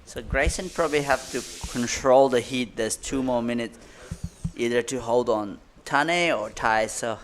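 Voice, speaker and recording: A man calling a surf contest live, excitable and chatty, with loose, informal grammar. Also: medium pitch, unhurried, a little hiss or hum. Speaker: surf commentator. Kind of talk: live sports commentary.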